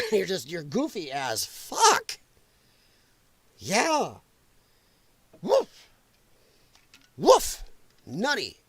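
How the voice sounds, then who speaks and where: Man hosting a political livestream: a profane, mocking rant, with a pitch that jumps all over and a dry, close sound. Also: wildly swooping pitch, very slow, creaky, long pauses, a bit bright, husky, no room sound. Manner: profane and mocking, with sarcastic asides; laughs at his own jokes. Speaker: political commentary show host.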